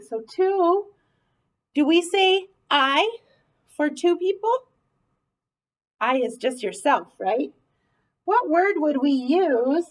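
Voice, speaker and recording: Woman, teacher, high voice, unhurried, clear and encouraging, early reading lesson. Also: low-quality recording. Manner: slow, clear, encouraging classroom delivery.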